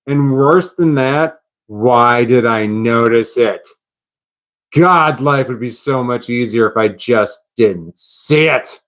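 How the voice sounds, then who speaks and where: A man's voice: mid-range voice, slow, a bit bright. A man chatting on a live stream, puzzled and rambling, laughing at himself.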